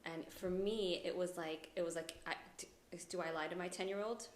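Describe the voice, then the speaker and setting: A woman podcast host telling a story in an emotional, soft-spoken way in a conversational interview. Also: fairly low pitch, steady tone, moderate pace. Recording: echoey room with faint ambience.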